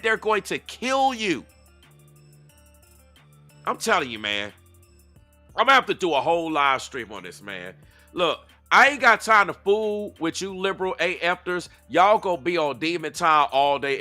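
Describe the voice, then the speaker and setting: A man's voice: a little high, bright, forceful tone, no echo. A man giving heated, casual commentary on video clips, talking straight to his audience in a confrontational, preachy way and hammering his points with rhetorical questions. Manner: loose slangy talk aimed at the audience.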